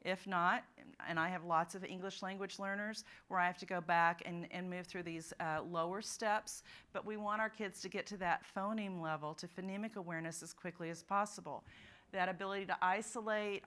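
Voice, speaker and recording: Bright-voiced woman leading a literacy workshop. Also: medium pitch, fairly even intonation, normal speed. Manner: models sounds and words aloud, stretching them out for the audience. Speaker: literacy conference presenter. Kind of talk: teaching workshop talk. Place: conference room.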